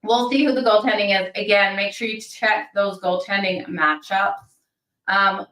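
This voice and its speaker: A woman hosting a daily hockey betting show, talking fast and chatty, thinking out loud with fillers. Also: mid-range voice, distant mic. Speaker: sports betting show host. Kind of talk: casual fast-paced hockey picks talk. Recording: roomy sound from off-mic.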